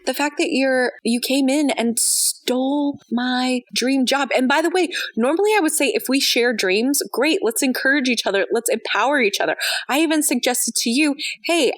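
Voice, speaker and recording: Animated higher-voiced woman podcaster. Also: normal speed, hardly any pauses, no room sound. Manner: animated, profane, mock-indignant banter. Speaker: podcast co-host. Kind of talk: casual chat.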